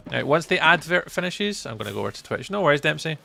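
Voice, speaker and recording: A Scottish man streams a game, talking easily to viewers and muttering between tasks. His voice is heavily gravelly and bright, swinging widely in pitch. Faint game music plays beneath him. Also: big pitch swings, fast. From Scotland. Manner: chatty, answers chat readers by name, mutters to himself while playing. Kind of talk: live-stream chat while gaming.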